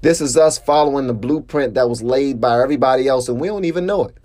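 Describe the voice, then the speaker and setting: A man hosting his own podcast, telling a story in a casual monologue, animated and jumping up in pitch when he gets worked up. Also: fast talker. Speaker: podcast host.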